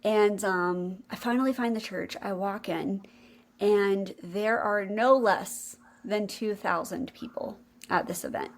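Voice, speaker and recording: A young adult woman co-hosting a podcast shares a personal faith story, earnest and emotional. Her voice is medium-pitched and she speaks slowly.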